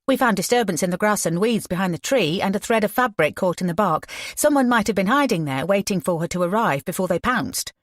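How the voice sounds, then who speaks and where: A woman's voice: medium pitch, animated, brisk, hardly any pauses, dry recording, close to an everyday voice. An eager crime scene officer keen to share what the team found, as a woman narrator voices the part. The voice is close and dry, without any room sound. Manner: eager, chipping in.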